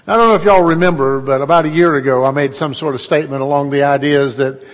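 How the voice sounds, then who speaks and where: A man's voice: fairly high pitch, steady tone, fast, in a large hall. A middle-aged man, preaching a conversational sermon in a folksy, storytelling way and putting questions to his listeners.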